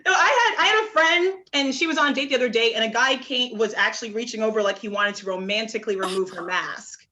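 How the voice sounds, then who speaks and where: A young woman from Oklahoma performing a stand-up comedy set on a club stage, with a halting delivery full of restarts and dry punchlines. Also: on the high side, bright, forceful tone, muffled recording.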